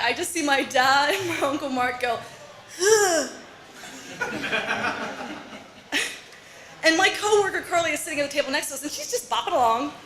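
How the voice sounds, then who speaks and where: A woman with a high, bright voice tells a story on stage, animated and quick to laugh as she plays out the lines of her relatives. She sounds roomy and echoey, with faint live ambience behind her. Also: slight background noise. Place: bar or small venue with audience.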